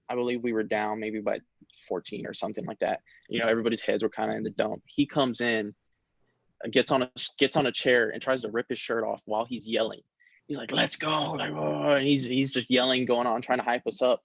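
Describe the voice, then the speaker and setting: A young man, a college football player, talking casually in an interview, relaxed and rambling with many fillers. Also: medium pitch, creaky, no echo. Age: young adult. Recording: dull lo-fi sound.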